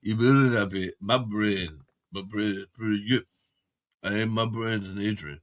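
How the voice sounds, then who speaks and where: A man's voice: on the low side, fairly even intonation, moderate pace, a bit bright, close to an everyday voice. A man doing a mumbling punch-drunk boxer. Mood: tough.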